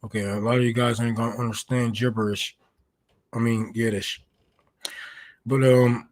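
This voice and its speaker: A man's voice: medium pitch, level tone, moderate pace, pauses often, a little mellow. Man hosting a loose political livestream. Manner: loose, rambling, swears a lot, mocking rants. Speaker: livestream host. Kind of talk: casual political commentary.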